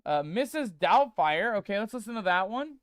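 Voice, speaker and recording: A man's voice: sits high, very animated, moderate pace, dry recording, studio quality. A man streaming a game, chatting casually and playfully with viewers he calls mateys while reading chat aloud. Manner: reads chat aloud and tests text-to-speech voices.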